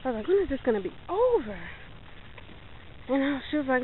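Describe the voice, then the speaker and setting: A young woman telling a story in a casual vlog, animated, acting out what people said and laughing often, filmed on a handheld phone. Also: high voice, fast talker, long pauses. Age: young adult. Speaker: vlogger. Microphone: phone held in hand. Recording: tinny phone-like audio, faint noise.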